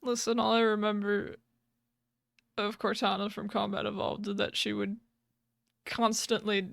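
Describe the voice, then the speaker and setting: Slow-talking bright-voiced woman, giggly. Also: medium pitch, flat delivery, creaky, no room sound. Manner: rambling, giggly, full of fillers and restarts. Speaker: podcast co-host. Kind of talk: casual chat, retelling a game's plot. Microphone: podcast microphone.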